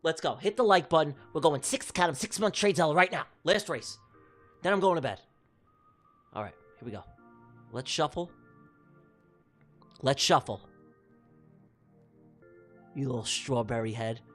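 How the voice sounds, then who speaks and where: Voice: mid-range voice, measured pace, long pauses. A livestream host calling giveaway races with playful, teasing energy. They repeat their catchphrases for emphasis and joke with viewers, while faint music plays under the voice. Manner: excitable, teasing and joking. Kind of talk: playful live race commentary. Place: live stream broadcast.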